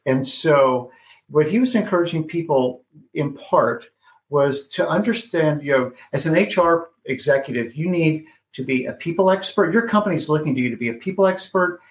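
A man's voice: fairly high pitch, moderate pace. A man hosting an interview, thinking aloud and building long questions with frequent restarts. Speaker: interview host. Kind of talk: conversational interview.

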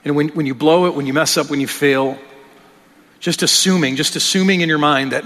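A man's voice: mid-range voice, a little fast, a bit bright. A man preaching a sermon in a conversational way, often repeating words as he restarts and asking rhetorical questions. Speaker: pastor. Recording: long hall reverb.

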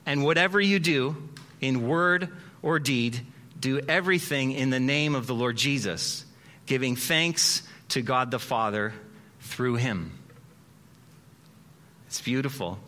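A male pastor preaching a sermon in an animated, conversational way with dramatic pauses. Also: mid-range voice.

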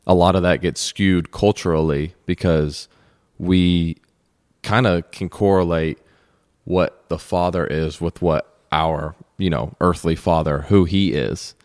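A man co-hosting a podcast, speaking reflectively and personally about faith, with halting repeats. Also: deep voice, steady tone, darkish tone, no echo, clean studio sound. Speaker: podcast co-host. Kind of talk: casual faith discussion.

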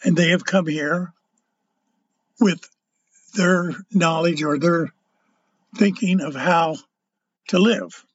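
An older man giving a casual political monologue, rambling and halting, often stumbling over his words. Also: fairly high pitch, breathy edge, dry recording, highs cut off. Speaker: political commentator.

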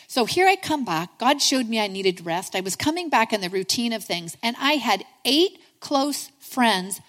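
A woman's voice: medium pitch, fairly bright tone, in a large hall. A middle-aged woman giving a sermon, telling a personal story in an earnest, conversational way and calling her listeners friends.

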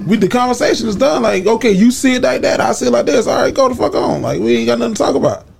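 A man with a fairly high voice hosts a casual comedy podcast. He speaks bluntly and loosely, full of slang, and circles back to say the same thing twice. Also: expressive, fast talker, creaky, slightly rough. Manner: laid-back, blunt, slangy, repeats himself. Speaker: podcast host.

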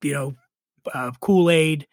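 A middle-aged man, a drinks writer and drinking-show host, telling his story in a casual interview, animated, swearing freely and laughing at himself. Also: on the high side, slow, no room sound, studio quality.

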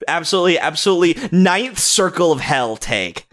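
A young man on a casual podcast, rattling off his opinions with excitement and plenty of swearing. His voice sits a bit higher than most men's. He trips over his own words and restarts often as he rushes ahead. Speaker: podcast co-host. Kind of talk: casual movie-review chat.

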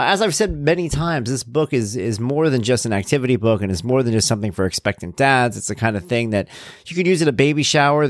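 A man's voice: mid-range voice, no echo. A man hosting his own podcast in casual chat, upbeat and chatty with rambling asides, close to the mic. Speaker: podcast host.

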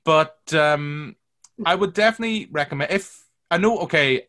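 A man's voice: on the high side, moderate pace, bright, forceful tone. A man hosting a casual film review podcast, teasing his guests and rambling through long opinions. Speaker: podcast host.

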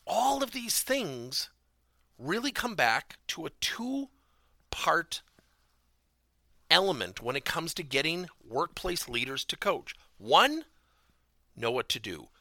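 A man's voice: on the high side, big pitch swings, slow, pauses often, pushed and bright, dry recording, clean studio sound. A man giving a motivational business talk as a corporate coaching trainer, stressing key words emphatically and theatrically.

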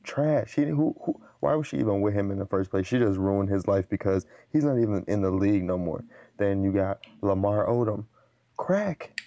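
A man's voice: fairly low pitch, expressive, moderate pace, dark tone, no room sound. A man on a comedy panel giving sarcastic, rambling takes. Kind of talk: casual comedic debate.

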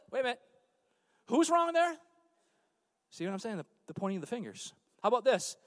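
A man preaching a sermon as pastor on a church stage, swinging from hushed, low passages to loud emphatic calls out to the congregation. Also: sing-song, fairly quick, pauses often, no room sound.

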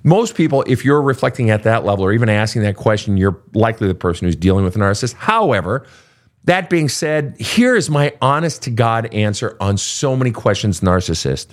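A man's voice: on the low side, a little fast. Blunt, swearing male host. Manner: blunt, profane, animated. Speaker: podcast host, coach. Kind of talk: casual advice talk.

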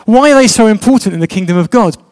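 A man's voice: high voice, expressive, quick pace, darkish tone. A man preaching a sermon, chatty and joking with his congregation.

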